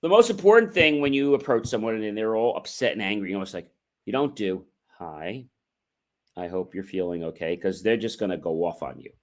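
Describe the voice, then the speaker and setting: A man's voice: lowish voice, expressive, quick pace. A middle-aged man hosting a motivational livestream, coaching viewers with rhetorical questions and acting out sample conversations. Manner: emphatic, coaching delivery with rhetorical questions and acted-out example dialogue.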